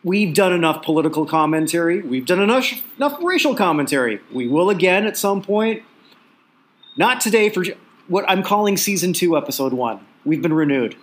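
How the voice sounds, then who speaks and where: A man's voice: high-pitched, lively intonation, fairly quick. A man hosting a sports podcast in casual chat, rambling and repeating words, chuckling often. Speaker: podcast host.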